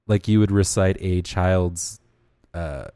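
A man with a fairly low voice co-hosts a music podcast in casual chat. He rambles and hesitates, searching for words. The recording is dry, with almost no room echo. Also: takes it slowly, warm tone, clear, resonant tone. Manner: hesitant, rambling, full of fillers. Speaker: podcast co-host.

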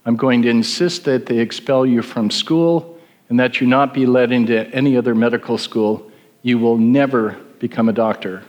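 A man's voice: mid-range voice, steady tone, normal speed, a little mellow, muffled recording, natural voice. A man voicing a stern older male department chairman who harshly scolds a student. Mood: scolding. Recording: long hall reverb.

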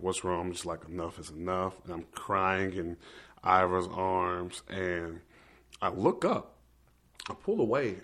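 Deep-voiced young man telling a story. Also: a bit bright. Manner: earnest, emotional, quotes himself and others. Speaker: activist guest. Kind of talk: personal storytelling in conversation.

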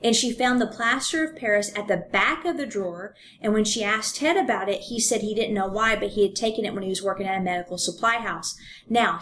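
A woman's voice: medium pitch, a bit bright, slight background noise. A woman co-hosting a podcast, casually retelling a true-crime case in a chatty way with plenty of fillers. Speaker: podcast co-host.

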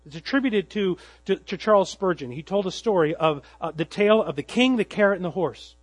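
A man preaching in a high, husky voice, recorded close and dry. He tells the story dramatically, pushing some phrases out loudly and dropping others almost to a murmur. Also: animated, fairly quick, no echo, rough recording. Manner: dramatic storytelling, swinging from loud emphasis to hushed tones. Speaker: pastor. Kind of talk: expository sermon.

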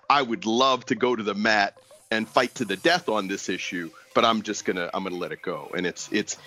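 A man's voice: lowish voice, bright, forceful tone. A man co-hosting a podcast, talking in a rambling, digressive way with many fillers. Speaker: podcast co-host. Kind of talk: casual chat.

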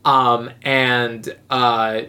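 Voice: medium pitch, level tone, drawn-out words, sharp tone. A podcast co-host in casual chat about a movie, rambling and hesitant with many restarts.

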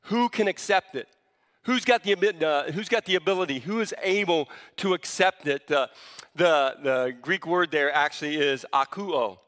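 A pastor preaches a sermon in a fairly high, forceful voice at a moderate pace, speaking with emphasis and often breaking off to restart words. The long reverb of a large hall makes his voice ring out.

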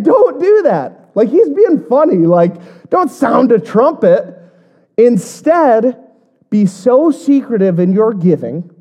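A woman giving a casual Bible teaching. She jokes between passages and reads scripture slowly. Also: fairly high pitch, dark tone.

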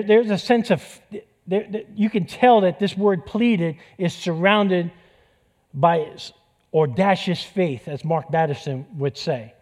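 A man's voice: high voice, a little mellow. A middle-aged man preaching a sermon in a church, conversational, joking and repeating key phrases for emphasis. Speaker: pastor.

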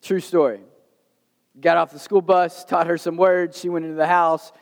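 A man preaching a sermon in a conversational, animated storytelling way. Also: a little high, moderate pace. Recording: reverberant hall.

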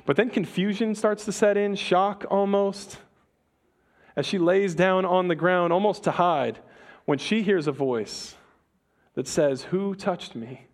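A male preacher with a high voice, telling a story in sermon style. He slows for dramatic pauses and slips in jokes.

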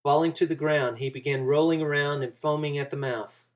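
A man's voice: a little high, steady tone, a little fast. A man preaching a sermon, walking through a passage and acting out the quoted lines with rising emphasis.

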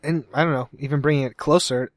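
Young male podcast co-host from Cincinnati, mid-pitched, rambling casual talker, dry close mic. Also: steady tone, quick pace, no echo. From Cincinnati, USA. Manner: rambling, self-correcting, laughs often. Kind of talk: casual chat.

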